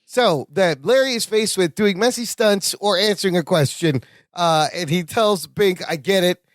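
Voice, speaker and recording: A man co-hosting a podcast, recapping a sitcom in playful, joking casual chat and dropping low for impressions. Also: normal speed, no room sound, clean studio sound. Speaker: podcast co-host.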